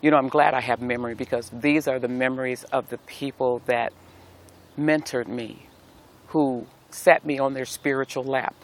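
A middle-aged man giving a devotional talk outdoors, speaking as a pastor with a preacherly cadence and repeated phrases. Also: medium pitch. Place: outdoors in nature.

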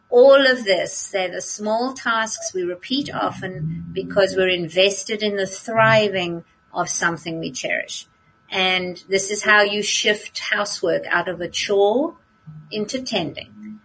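A woman on a podcast, chatting casually and telling stories with animated laughter. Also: medium pitch, breathy edge, low-quality recording. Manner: animated storyteller, laughs often. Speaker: podcast co-host. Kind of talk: casual chat.

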